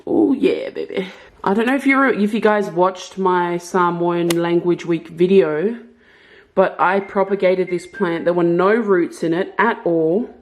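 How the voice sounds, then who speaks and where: In her bedroom at home, a young woman records a casual vlog in a fairly low, unhurried voice. She's talkative and self-aware, wandering through what she's planning and what she's bought.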